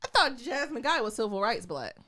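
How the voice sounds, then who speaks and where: A woman co-hosting a podcast, chatting casually in an animated, candid way and swearing freely. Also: a little high, brisk. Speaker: podcast co-host. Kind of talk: casual chat.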